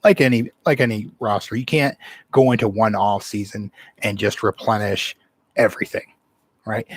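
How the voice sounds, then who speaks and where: A man's voice: lowish voice, steady tone, normal speed, breathy edge, no echo. A man hosting his own sports channel, talking casually in a rambling way full of fillers and restarts. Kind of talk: casual solo sports commentary.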